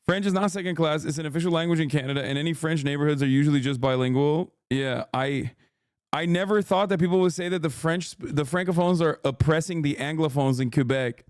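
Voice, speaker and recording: Guy streamer reacting to chat, kinda high voice, swears a lot, totally incredulous, dry close sound. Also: fairly quick, a little mellow, clear, resonant tone, dry recording. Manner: incredulous, profane, reads chat aloud. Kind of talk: casual live-stream chat.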